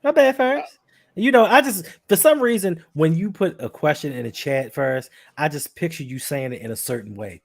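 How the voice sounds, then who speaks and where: A man co-hosting a sports podcast, talking football in an animated, argumentative way. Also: fairly high pitch, moderate pace, gravelly. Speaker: podcast co-host. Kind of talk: casual sports talk.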